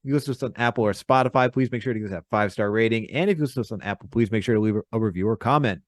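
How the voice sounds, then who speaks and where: Fast-talking young podcast host. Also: male voice, on the low side, dry recording, clean studio sound. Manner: brisk, upbeat show announcements. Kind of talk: podcast sign-off and promotion.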